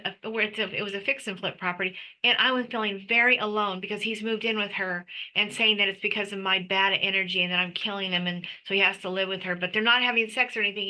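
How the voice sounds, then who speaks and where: A woman's voice: medium pitch, pushed and bright, low-quality recording. A middle-aged woman giving an emotional personal testimony as an interview guest, talking intensely with frequent restarts and stammers.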